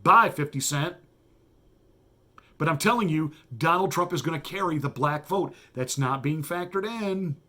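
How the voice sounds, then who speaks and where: Forceful, combative male commentator. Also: a little high, measured pace. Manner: combative, mocking and emphatic. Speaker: pastor and show host. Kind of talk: political commentary monologue.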